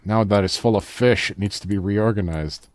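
A man giving casual gameplay commentary, animated and swearing, often shouting at the game and mocking himself. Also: fairly low pitch, normal speed, dry recording. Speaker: let's play host.

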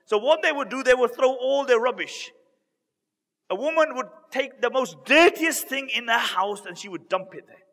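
A man telling a story in a sermon, earnest and dramatic, with emotional pauses. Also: very high voice, lively intonation, a bit bright. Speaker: preacher. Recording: long hall reverb.

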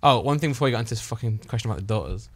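A man's voice: medium pitch, expressive, very fast. A man hosting a podcast in casual chat, joking and laughing often as he talks. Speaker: podcast host.

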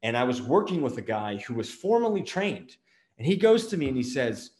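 A middle-aged marketing agency owner and show host gives an energetic motivational business talk to camera, firing off rhetorical question after rhetorical question. His ordinary male pitch is sing-song, fairly quick and darkish, echoing noticeably around the room.

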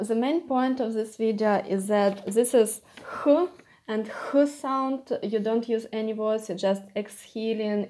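A woman with a Ukrainian accent teaching a pronunciation lesson, repeating sounds slowly for practice. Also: mid-range voice, warm tone. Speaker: language teacher.

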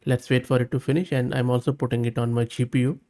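A man hosting a screen-recorded software tutorial, thinking aloud as he runs tests, reading prompts and outputs aloud, and giving upbeat, plain-spoken verdicts. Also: medium pitch, level tone, fast. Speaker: tech channel host.

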